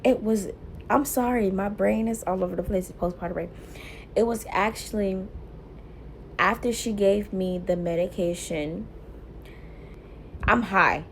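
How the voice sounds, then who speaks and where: A young woman vlogger telling a personal story casually to camera, animated and laughing often, quoting herself loudly. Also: mid-range voice, unhurried, pauses often, a little hiss or hum. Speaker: mom vlogger.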